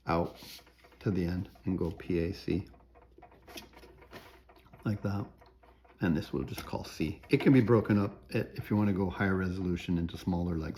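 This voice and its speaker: There's slight background noise behind this deep, gravelly, darkish male voice. Lecturing on music theory in a recording, he talks himself through an example, leans on the tag question "right?", and every so often sings a tune in nonsense syllables.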